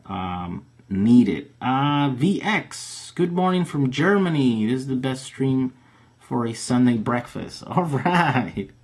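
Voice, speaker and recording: A man hosting a casual live Q&A stream, chatting loosely with plenty of fillers and restarts as he reads out viewer questions. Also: mid-range voice.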